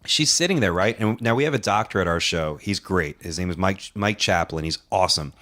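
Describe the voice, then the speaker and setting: A man with a low voice telling a long, rambling story in casual talk. He runs a wrestling show and acts out the lines of the people in his story. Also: brisk, fairly bright tone. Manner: rambling anecdote, acting out other people's lines.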